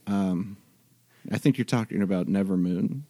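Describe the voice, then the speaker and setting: Gravelly low-voiced man running a game. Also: no echo. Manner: relaxed, halting narration with many fillers. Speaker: game master. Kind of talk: narrating a tabletop game.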